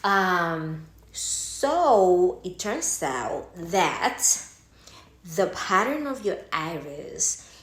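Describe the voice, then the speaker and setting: A woman's voice: fairly low pitch, extremely slow. A woman whose first language is Spanish, casually telling a story, cursing and acting out the people she quotes. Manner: animated, swearing, acts out quoted voices. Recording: echoey room.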